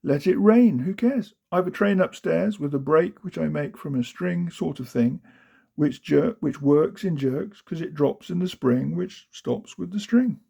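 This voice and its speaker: A man's voice: on the high side, measured pace, creaky, warm tone, breathy edge. A man giving a rhythmic, sing-song storybook reading of children's poems. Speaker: reader of children's verse.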